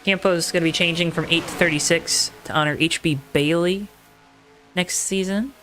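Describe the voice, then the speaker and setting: A man's voice: fairly high pitch, fairly even intonation, moderate pace, bright, forceful tone, faint music behind. A man hosting a live sim racing broadcast from the booth, playful and chatty, talking straight to viewers. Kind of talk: live race commentary. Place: commentary booth.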